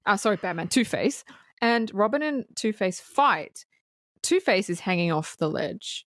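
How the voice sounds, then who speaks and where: A woman co-hosting a movie podcast, retelling a film's plot with lively, profane enthusiasm and a ready laugh. Her voice sits at an ordinary pitch and sounds dry and close, with no room around it. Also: a little slow, dry recording. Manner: animated storytelling, swears freely, laughs often. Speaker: podcast co-host. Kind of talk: casual movie-review chat.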